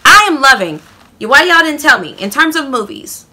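Bubbly, bright-voiced Southern woman vlogging. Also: sits high, very animated, moderate pace. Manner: chatty and exuberant, addresses viewers as y'all and fam. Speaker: beauty vlogger. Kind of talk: casual monthly favorites vlog.

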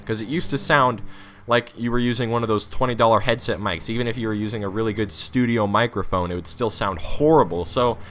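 A man doing excitable, rambling commentary over his own gameplay into a USB desktop microphone at his home computer. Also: fairly low pitch, brisk. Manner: rambling, excitable, talks to viewers. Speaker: gaming YouTuber.

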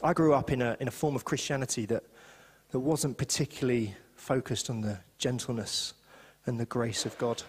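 A man preaching a sermon as pastor, chatty and animated, slipping into little voices for the people he quotes. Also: medium pitch, moderate pace, breathy edge, in a large hall. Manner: animated, conversational, acts out quotes. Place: church hall.

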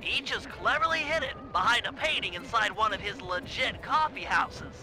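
An actor voicing a nerdy, fussy turtle strategist who lays out heist plans in an explanatory briefing tone. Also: male voice, extremely high pitch, animated, moderate pace, low-quality recording. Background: game music.

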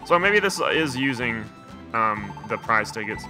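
A man's voice: mid-range voice, big pitch swings, normal speed, music in the background. A young man giving casual, jokey commentary while playing a video game, rambling with lots of "like" and "man". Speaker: video game let's player.

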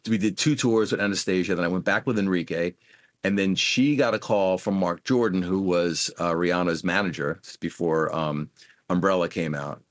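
In a storytelling interview, a guest musician, a middle-aged man, recounts his career with animated tales, imitating the voices of those he quotes. He speaks at normal speed in a low-sitting voice, captured studio-clean with no echo.

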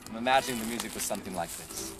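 A man leading an online music lesson for children outdoors, reading a storybook in a lively, encouraging sing-song voice and guiding a dance. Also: lowish voice, very fast. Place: outdoors in a park. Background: music playing.

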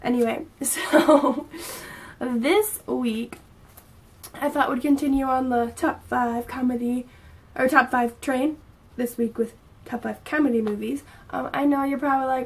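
A woman's voice: high-pitched, fairly even intonation, a little slow, slightly rough. A young woman in her early twenties, chatting casually to camera as a vlogger, bubbly and gushing, a little out of breath. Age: 20s.

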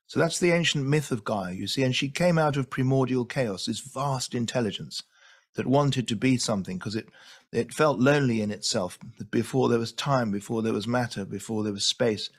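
A man's voice: mid-range voice, moderate pace. A man lecturing eagerly, repeating words for emphasis as he walks through his slides. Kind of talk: illustrated lecture.

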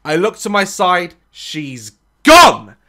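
A man's voice: sits high, very animated, slow pace, pushed and bright. A man in his thirties, hosting a reaction video and telling a sweary, comic story in casual chat.

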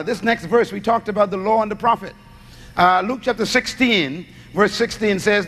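Preaching to a congregation, a man with a high-sitting, somewhat bright voice teaches through call-and-response, asking questions and then giving the answers. The sound carries a long hall reverb.

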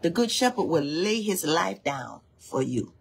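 A woman's voice: fairly low pitch, sing-song, unhurried, creaky, husky. A woman leading an informal devotional livestream. She preaches fervently, repeats phrases for emphasis and urges listeners to say lines back to her. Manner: reads from a text between spontaneous exhortations. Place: indoors near a hallway.

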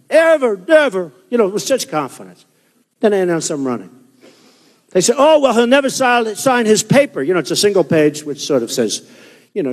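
In a hot hall packed with a crowd, a political candidate in his sixties rambles and boasts through a campaign rally speech. His voice is a little high and a little mellow, and the recording echoes with reverb and crowd noise.

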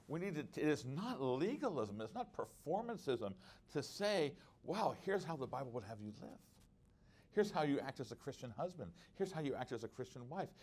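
A man's voice: medium pitch, darkish tone, breathy edge. A middle-aged man teaching at a conference workshop, earnest and conversational, with frequent restarts and personal stories. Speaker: preacher.

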